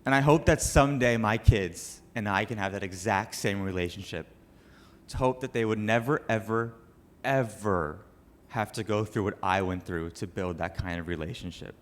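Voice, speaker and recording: A man's voice: lowish voice, moderate pace. A young man, a cancer survivor, giving an earnest and emotional speech to an audience at a charity event. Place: banquet room with an audience.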